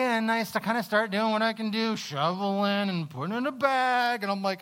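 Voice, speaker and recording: A male pastor with a slightly high voice tells a personal story in a sermon. He talks in halting restarts, swinging between lively scenes and quiet, low reflection.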